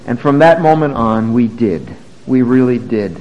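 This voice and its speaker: An older man preaching a sermon as pastor, swinging between quiet asides and raised emphatic lines. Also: mid-range voice, animated, measured pace. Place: church sanctuary. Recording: muffled sound with long hall reverb.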